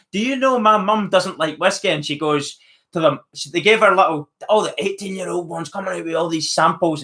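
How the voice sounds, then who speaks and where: A man's voice: high voice, fairly bright tone. A man with a Northern Irish accent hosting a live stream, chatting casually and reading out viewer comments. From Northern Ireland. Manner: chatty, friendly, reads viewer names aloud.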